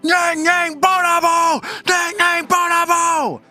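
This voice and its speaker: A man's voice: very high voice, level tone, takes it slowly, pushed and bright, faint music behind, pitched above the performer's own voice, full character voice. A man voicing an enraged, confused humanoid warrior with glassy skin who screams frantic commands at an army that is not there. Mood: frantic bellowing.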